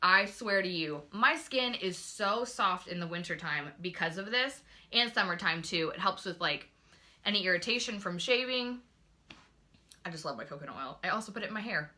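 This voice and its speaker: A woman's voice: lowish voice, expressive, moderate pace, sharp tone. A young woman chatting casually into her phone camera at home, reviewing beauty products with lots of gushing and filler words. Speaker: beauty vlogger.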